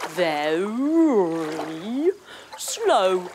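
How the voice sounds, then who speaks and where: A woman's voice: medium pitch, very animated, slow pace, noisy background. Playful singsong woman teaching kids yoga. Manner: playful, singsong, lots of sound effects and cues. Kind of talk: guided kids yoga story.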